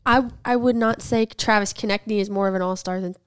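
A woman's voice: mid-range voice, steady tone, a little fast, smooth. A woman co-hosting a casual sports podcast, bluntly arguing her hockey opinions and pushing back firmly. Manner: assertive and blunt, pushes back with firm opinions. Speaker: podcast co-host. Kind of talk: casual sports debate chat.

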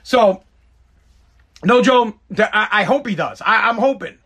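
A man's voice: sits high, animated, measured pace, bright, forceful tone, slightly rough. A man in his forties, a podcast host, ranting crudely and jokingly in a rambling way, with stammered restarts. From United States. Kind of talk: casual comedic rant.

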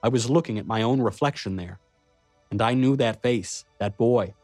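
A man narrating an audiobook in the first person, steady and measured. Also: medium pitch, no room sound, faint music behind.

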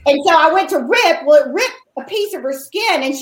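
A woman on a podcast, telling a story with animated swings of pitch. Her voice sits high, and the room adds a noticeable echo. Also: fairly quick. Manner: lively storyteller, acts out quotes with loud squeals. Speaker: podcast guest. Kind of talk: casual chat, storytelling.

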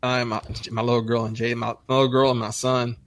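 Guy in his 30s telling stories, swears a ton, acts out quotes, bright punchy voice, dry sound. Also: medium pitch, fast talker, no echo. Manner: animated storyteller, swears a lot, acts out quotes. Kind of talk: casual chat.

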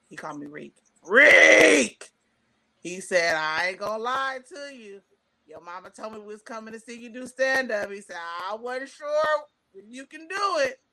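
A middle-aged woman, a stand-up comedian, telling a long personal story in casual chat, acting out quotes from the people in it. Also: medium pitch. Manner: animated, quotes people in voices, emotional.

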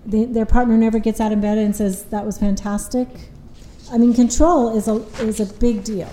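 A woman's voice: a little high, steady tone, normal speed, dark tone, roomy sound, poor audio. A woman couples therapist explaining relationship patterns in an earnest, conversational way, often retelling what her clients said.

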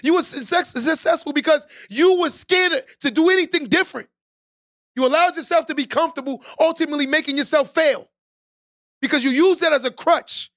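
A man with a strikingly high voice hosts a podcast and preaches motivation at the listener. He hammers his points home by repeating lines and climbs into shouted exhortations. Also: a little fast. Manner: emphatic and preachy, repeats key lines for stress. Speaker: podcast host.

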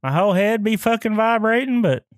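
A man's voice: sits high, lively intonation, a little fast, dry recording, clean studio sound. A man who is a podcast guest, chatting casually and mostly reacting with short interjections.

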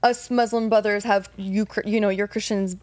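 A woman's voice: mid-range voice, steady tone, moderate pace, a little mellow. A woman co-hosting a podcast, chatting casually in a polite, agreeable way. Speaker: podcast co-host. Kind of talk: casual chat.

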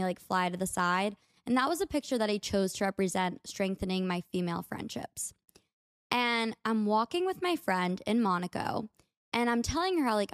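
A young woman with an American accent chats her way through a story, upbeat and full of "like". Her voice sits at an ordinary middle pitch. The sound is dry and close, with no room echo. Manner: chatty, peppered with "like", upbeat. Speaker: podcast host. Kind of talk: casual storytelling monologue.

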